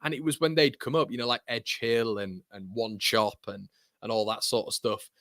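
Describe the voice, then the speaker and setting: A man's voice: medium pitch, fairly even intonation, moderate pace, fairly bright tone, no room sound, studio quality. A young man hosting a live football watchalong stream, chatting casually and reading viewers' comments with banter and laughter.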